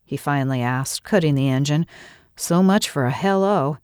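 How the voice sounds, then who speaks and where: A middle-aged woman narrates a first-person story with an earnest, reflective delivery. Her voice sits on the lower side, and the recording is dry and close. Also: moderate pace, a little mellow, clear, resonant tone, no room sound.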